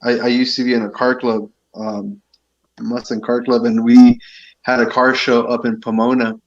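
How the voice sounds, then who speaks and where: A San Diego man, an events director appearing as a podcast guest, chats casually in a level, medium-pitched voice at normal speed. He tells a rambling anecdote, doing playful voices for the people he quotes, over dull lo-fi podcast audio.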